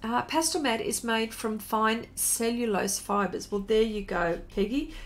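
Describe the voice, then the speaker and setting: A middle-aged woman artist chatting casually on a live stream while she draws, reading viewer comments aloud in an unhurried way. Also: a little high. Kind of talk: casual chat while drawing.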